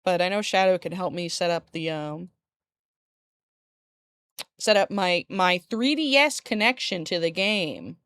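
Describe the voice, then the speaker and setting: A woman's voice: lowish voice, expressive, a little slow, long pauses, a bit bright, clear, resonant tone, no echo, clean studio sound. A woman streaming live, chatting casually with viewers in a rambling way, laughing often and swearing lightly. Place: room at home by a window. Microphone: desk streaming mic.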